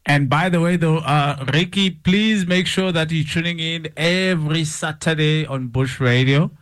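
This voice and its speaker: A man's voice: a little high, unhurried, fairly bright tone. A man, a radio trainer, asking rambling questions with "uh" fillers in an interview.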